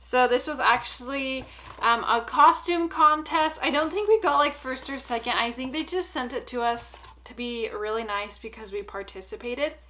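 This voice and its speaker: A woman's voice: high-pitched, normal speed, pushed and bright, slight background noise. A young woman chatting casually at home while unboxing packages for her dogs, upbeat and full of "like" and "um". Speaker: pet vlogger. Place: home, indoors.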